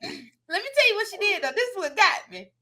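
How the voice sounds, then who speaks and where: Woman cohost, AAVE, bright voice, pitch all over, laughs and tears up while storytelling. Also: brisk. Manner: animated storyteller, laughs and gets teary. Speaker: podcast co-host. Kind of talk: casual chat.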